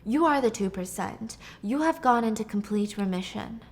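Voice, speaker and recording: A woman voicing a calm doctor who speaks hesitantly at first, then directly and evenly. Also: medium pitch, normal speed, natural voice. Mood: measured. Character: calm soft-spoken doctor delivering news.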